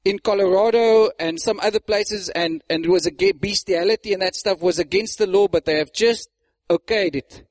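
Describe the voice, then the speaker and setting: A man preaching a sermon, animated, acting out mocking voices and laughing often. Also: high voice, normal speed, no echo.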